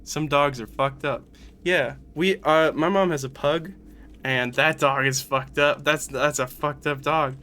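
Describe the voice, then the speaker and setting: A man's voice: on the high side, steady tone, measured pace, sharp tone. A man streaming a video game, chatting casually in rambling, giggly stories full of swearing. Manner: rambling, giggly, profane storytelling. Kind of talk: casual gameplay commentary.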